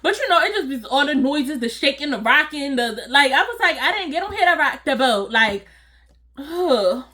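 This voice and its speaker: A woman telling a casual, animated storytime to her viewers, acting out voices and laughing along. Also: sits high, moderate pace. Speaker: storytime vlogger.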